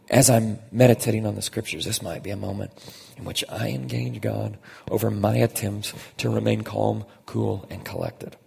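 A man with a fairly low, very husky voice and a heavy gravelly rasp delivers a conversational sermon. He leans on key phrases and slows down to stress them. The sound carries the long reverb of a large church hall. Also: a little mellow. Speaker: pastor.

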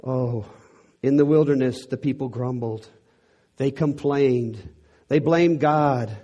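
A man's voice: medium pitch, slow, warm tone, lo-fi sound. A middle-aged man from Texas with a Texan accent, preaching a sermon in an earnest way that builds to emphatic peaks.

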